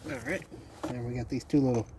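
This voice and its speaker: A man's voice: medium pitch, fairly even intonation, brisk, noisy background. A middle-aged man, the channel's host, telling a rambling, folksy story while he works on an old machine in his garage. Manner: rambling, folksy, repeats phrases. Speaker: channel host working on an old three-wheeler. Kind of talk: casual storytelling while wrenching.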